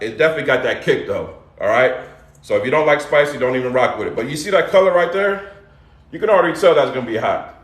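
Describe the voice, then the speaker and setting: A middle-aged man with a medium-pitched, slightly bright voice hosts a casual live cooking demo from his home kitchen, where the sound echoes a bit. He's loose and chatty, calling out to his viewers as he goes.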